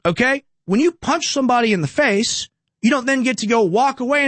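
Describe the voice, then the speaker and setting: Young male host, high voice, dry mic, emphatic ranting commentary with stacked rhetorical questions. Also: expressive, a little fast, a bit bright, dry recording. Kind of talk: opinionated political commentary.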